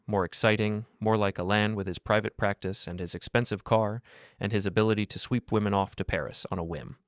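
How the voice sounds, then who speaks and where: Man narrating, scripted first person, calm, cold, measured, lowish voice, dry close sound. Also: no room sound.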